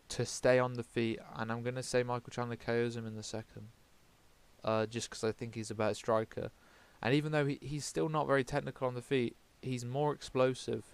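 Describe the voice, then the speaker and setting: A man's voice: mid-range voice, smooth. A man from the UK giving casual fight predictions, rambling, swearing often and correcting himself as he goes. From United Kingdom. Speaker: MMA vlogger.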